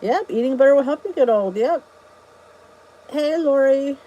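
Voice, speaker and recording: A woman's voice: high voice, expressive, moderate pace, mellow, highs cut off. A middle-aged woman from New Jersey hosting a casual live chat. She is chatty and emphatic and repeats her key points. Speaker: vlog host answering live chat.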